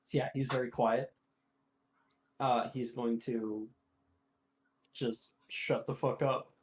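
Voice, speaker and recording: A man with a medium-pitched voice, running a tabletop game as game master. He talks in a loose, rambling way and laughs often. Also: level tone, takes it slowly. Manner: laughs a lot, casual and rambling.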